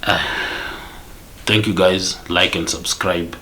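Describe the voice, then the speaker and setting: A man's voice: low voice, fairly even intonation, slow, bright, forceful tone, slight background noise. A man with a Kenyan accent ranting to camera in a vlog, emphatic and repetitive, switching between English and Swahili. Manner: emphatic, mixes English and Swahili, repeats points. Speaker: vlogger. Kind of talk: angry rant to camera.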